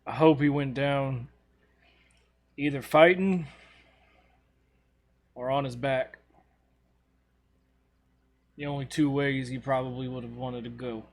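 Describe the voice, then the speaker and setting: A man voicing a grieving man who answers quietly and in a measured way in a tabletop game. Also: mid-range voice, fairly even intonation. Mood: subdued. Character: grieving grown man hearing of a loss.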